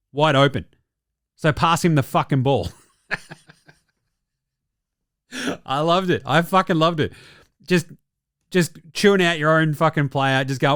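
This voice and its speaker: A man's voice: a little high, moderate pace, a bit bright, clean tone, no echo, clean studio sound. A young Australian man hosting a basketball show, with brash, profane, jokey casual commentary.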